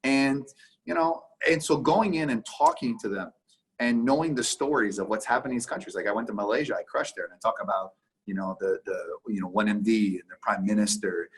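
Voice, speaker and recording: A man from Canada talks as a guest on a business podcast, in a husky, slightly rough voice. He speaks emphatically and keeps acting out conversations, switching quickly between voices. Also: fairly low pitch. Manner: emphatic, acts out conversations in quick back-and-forth. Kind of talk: casual podcast interview.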